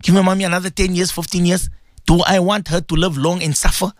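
A man's voice: high-pitched, level tone, fast, no room sound. A man hosting a call-in radio show as a Muslim cleric, speaking in a heartfelt, repetitive way as he reads out listener messages. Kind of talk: emotional call-in radio talk.

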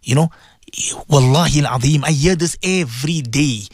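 A man's voice: on the high side, normal speed, no echo. A man presenting an impassioned religious talk on the radio, repeating his points and firing rhetorical questions at his listeners. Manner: repetitive, preachy, rhetorical questions, swinging emphasis.

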